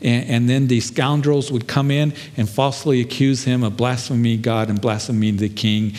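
Brief: male pastor, earnest sermon storytelling, mid-pitched voice, long hall reverb. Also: darkish tone. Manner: earnest storytelling, shifting pace, frequent fillers.

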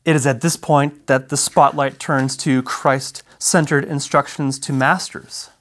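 A man giving an expository Bible lesson in a measured, emphatic way, pausing between phrases and reading verses aloud. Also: medium pitch, fairly even intonation, fairly bright tone. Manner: reads scripture verses aloud. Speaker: Bible teacher.

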